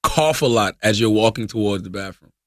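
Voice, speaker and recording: A man co-hosting a podcast, telling crude stories fast in casual comedic chat, full of profanity and quoted asides. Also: fairly low pitch, expressive, a bit bright, no echo, clean studio sound. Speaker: podcast co-host.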